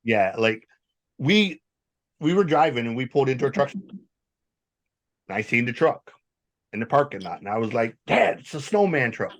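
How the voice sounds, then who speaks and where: A man hosting a podcast, telling stories in a rambling, animated, casual way. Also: mid-range voice, normal speed, pauses often. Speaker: podcast host. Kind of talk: casual storytelling chat.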